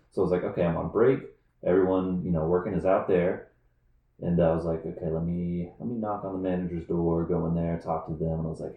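A man's voice: deep voice, roomy sound. A man telling a workplace story in casual chat, acting out other people's lines as he goes. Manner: animated storyteller, acts out shouted lines.

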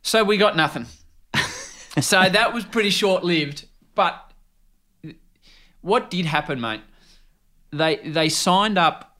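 A man in his forties with an Australian accent, a sports broadcaster chatting as a guest and telling lively anecdotes, often calling his listener mate. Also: high-pitched, slow, long pauses. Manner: animated, laughing anecdotes, keeps saying mate. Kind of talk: casual storytelling chat.

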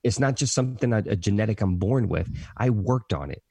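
Man, gravelly voice, dry close sound, earnest podcast storytelling, emphatic repetition. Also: on the low side, brisk, darkish tone, no echo. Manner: earnest, emphatic, repeats key phrases; self-described positive motivational talker. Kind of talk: personal storytelling in a podcast conversation.

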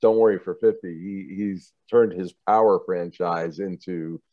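A low-pitched man speaking at a measured pace, a TV producer, casually tells career stories during an interview, impersonating the people in them and laughing often in an animated way. The sound is phone quality with no room sound.

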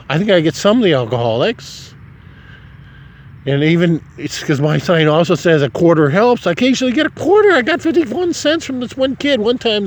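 A man from Nebraska, tipsy, rambling and swearing in a casual vlog monologue outdoors on a city street at night. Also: fairly high pitch. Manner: rambling, profane, chuckling. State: drinking, tipsy. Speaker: vlogger.

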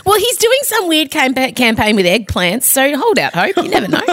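A woman's voice: sits high, sing-song, moderate pace, fairly bright tone, no room sound. A woman hosting a podcast, teasing and giggling through a casual chat. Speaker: podcast host.

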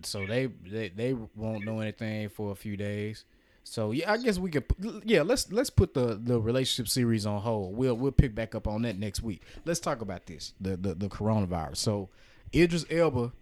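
A man hosting a casual podcast with friends, joking and talking in quick bursts. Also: fairly low pitch, expressive, a little mellow. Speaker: podcast host.

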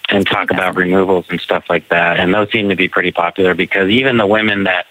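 An American man, a gynecologist guest, explaining things in a relaxed podcast interview with fillers and restarts. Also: sits low, fast talker, no echo, poor audio. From United States.

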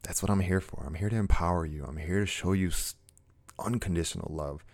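A man speaking earnestly to his viewers in a motivational monologue, slow and emphatic, repeating short phrases. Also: sits low, darkish tone. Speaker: self-help speaker.

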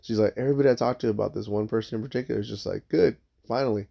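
This man's voice is lowish and gravelly, racing along with fairly even intonation. He tells a rambling, casual work story full of swearing, voicing the other people's lines himself, on a dull lo-fi recording.

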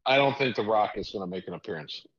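A man's voice: fairly low pitch, expressive, quick pace, highs cut off. A man co-hosting a podcast, chatting casually and laying out his predictions with a few hedges. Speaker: podcast co-host. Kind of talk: casual chat.

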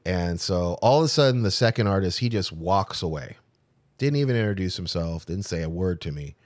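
A middle-aged man, a tattoo artist, telling his own story in a casual interview, animated and acting out the people he quotes, with frequent restarts. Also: low-pitched, fairly quick, no echo.

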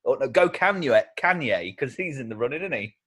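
A man's voice: mid-range voice, animated, brisk, fairly bright tone, husky. A man co-hosting a casual comedy podcast, joking, laughing often and rambling with restarts. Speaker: podcast co-host.

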